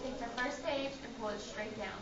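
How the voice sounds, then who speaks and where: With children's voices around her, a woman teaches phonics to young kids seated on a rug, naming students as she calls on them and issuing firm, sing-song directions. As a kindergarten teacher, she speaks on the high side and a little fast, captured by a distant classroom camera in roomy, dull audio.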